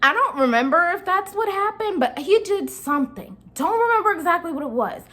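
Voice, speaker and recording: A woman's voice: extremely high pitch, big pitch swings, brisk, pushed and bright. A young woman vlogger telling a casual storytime, chatty and slangy, talking straight to her viewers.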